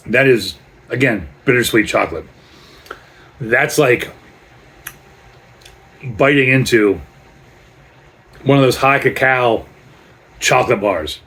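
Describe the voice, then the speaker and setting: A man's voice: mid-range voice, creaky, a bit bright. A man reviewing a beer in a casual vlog, chatty and rambling as he tells stories between sips.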